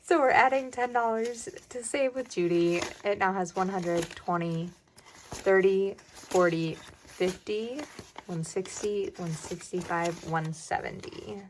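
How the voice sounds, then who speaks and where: A young woman chatting casually while budgeting for her vlog, often dropping into a soft whisper. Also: medium pitch, steady tone, slow, slight background noise, rough recording. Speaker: budgeting vlogger. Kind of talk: casual cash-stuffing vlog narration.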